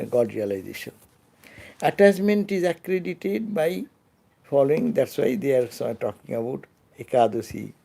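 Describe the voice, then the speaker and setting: Gravelly, mellow-voiced swami teaching slowly. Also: male voice, medium pitch. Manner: slow, halting delivery with many restarts and fillers, trailing off softly at phrase ends. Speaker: swami giving a scripture class. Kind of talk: unscripted spiritual lecture. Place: temple lecture hall.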